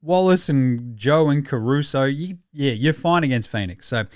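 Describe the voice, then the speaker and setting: A man's voice: mid-range voice, expressive, normal speed, no echo. Sweary Australian man, dry close mic. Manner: swearing, laughing, rambling banter. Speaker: podcast host. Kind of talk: casual sports commentary.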